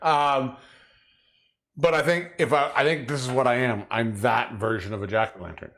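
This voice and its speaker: A man's voice: medium pitch, fairly even intonation, normal speed, fairly bright tone. A man co-hosting a casual comedy chat show who jokes around playfully and laughs a lot. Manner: playful, joking, laughs often. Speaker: co-host.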